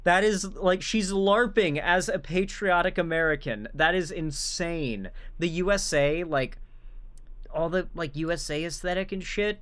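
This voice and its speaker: A commentary host with a slightly high, smooth, somewhat bright voice speaks at a moderate pace in a casual reaction video. He is blunt, swears, and rambles with restarts.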